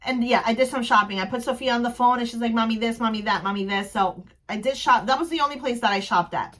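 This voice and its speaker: Woman vlogger from New Jersey, high voice, excitable and rambling, casual recap. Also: quick pace. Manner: gushing, excitable, rambling with restarts.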